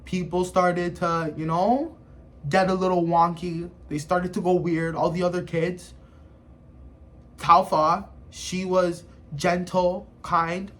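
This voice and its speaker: A man with a noticeably high voice talks through his review in a loose, chatty way. He keeps dropping "you know" and "like" as he animatedly retells what happens. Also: fairly even intonation, slow pace, a bit bright. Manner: rambling, full of "you know" and "like". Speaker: anime reviewer. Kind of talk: casual video review.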